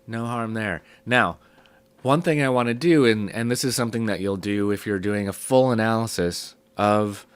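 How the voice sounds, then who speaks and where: Hoarse sick man teaching music theory. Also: on the low side, normal speed, dry recording. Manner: relaxed, explaining step by step with fillers. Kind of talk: casual classroom lesson.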